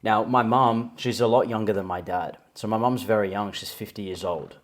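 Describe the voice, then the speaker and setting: Young man, low voice, casual rambling chat, podcast co-host. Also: normal speed. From Australia. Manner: rambling, candid, with many restarts.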